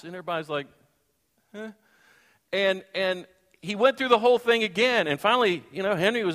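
A male pastor delivers a storytelling sermon with lively energy, slipping into the voices of the people in his story. His voice sits a little higher than most men's. The sound rings out with a long hall reverb. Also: brisk. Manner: animated, acts out voices and sings. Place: church hall.

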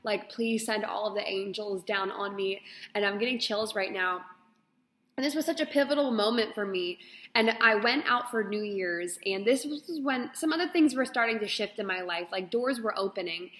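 A young woman telling a personal story on her podcast, rambling and expressive with lots of fillers. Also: medium pitch, normal speed. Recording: echoey room with long reverb.

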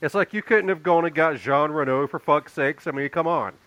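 A man co-hosting a casual movie podcast, with a slightly higher, bright voice. He chimes in with dry, sardonic asides about the film. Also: fairly quick, poor audio. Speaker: podcast co-host. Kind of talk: casual movie review chat.

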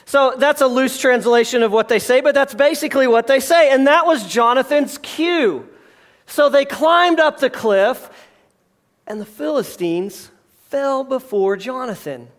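A pastor preaching a sermon, telling a story with lively asides, jokes and acted-out quotes. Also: male voice, very high-pitched, unhurried. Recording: live address to a congregation.

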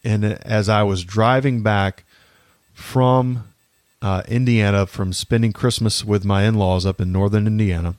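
Guy in his 30s hosting a faith podcast, low voice, earnest and halting, lots of uhs, dry close mic. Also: steady tone, a little mellow, no echo. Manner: earnest, halting, with many fillers and restarts. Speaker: podcast host. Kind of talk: faith-based personal reflection.

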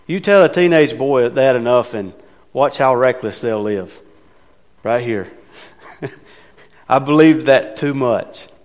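Slow and pausing often, a man's mid-range, slightly mellow voice carries a sermon from the pulpit. The pastor talks to his congregation conversationally and emphatically, posing rhetorical questions. A big hall adds long reverb.

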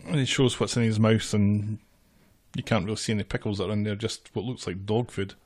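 A man's voice: on the low side, steady tone, brisk, a little mellow. A man co-hosting a casual podcast from a small office, making dry remarks while recapping an episode. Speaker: podcast co-host.

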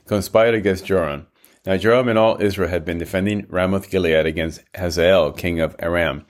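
A man reading scripture aloud in a measured, steady narration. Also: low-pitched.

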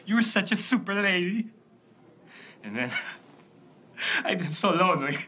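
A lonely, awkward man stumbles through halting apologies. His voice is bright and a little high, and faint ambient noise sits under the film audio. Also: expressive, exaggerated voice. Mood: apologetic. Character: awkward lonely middle-aged man confessing to an old schoolmate.

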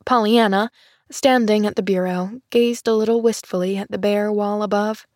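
A woman narrating a classic children's story in a measured, gentle storytelling voice. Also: mid-range voice, steady tone, no room sound, clean studio sound. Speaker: audiobook narrator.

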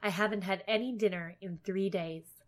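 A woman voicing a thin, hungry black cat in a storybook reading, calm and knowing. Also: mid-range voice, moderate pace, natural voice.

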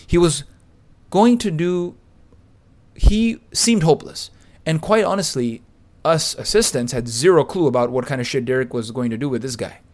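A man narrating a podcast story from a script, with a boastful, pumped-up delivery. He leans on crude slang and gets louder at the exciting parts. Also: on the high side, moderate pace. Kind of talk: reading a first-person anecdote aloud.

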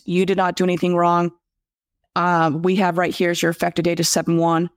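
A woman hosting a podcast, telling a long story in a casual, animated way, often restarting her sentences and reading out viewer comments. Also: lowish voice, creaky, no room sound, clean studio sound. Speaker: podcast host. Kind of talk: casual livestream chat.

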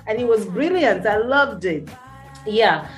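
A woman's voice: mid-range voice, animated, measured pace, soft background music. Nigerian Pidgin woman telling her story. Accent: Nigerian Pidgin English. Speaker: studio guest. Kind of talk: radio interview in Pidgin.

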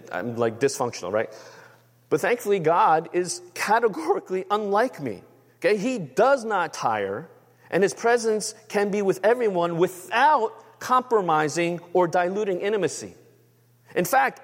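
A man's voice: sits high, big-room sound. A man preaching a sermon as a pastor, talking conversationally and often checking with the room. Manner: conversational, asks the room for agreement.

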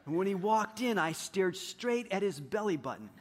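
A male pastor delivering a sermon through personal stories, animated and self-deprecating. His voice sits a little high and shifts often between quiet and loud. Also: normal speed, crowd noise, noisy background. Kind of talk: sermon with storytelling.

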